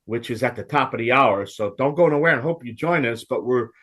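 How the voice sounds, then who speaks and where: A man's voice: mid-range voice, a little fast, fairly bright tone. A man with a Cajun accent hosting a home improvement radio talk show, folksy and ranting.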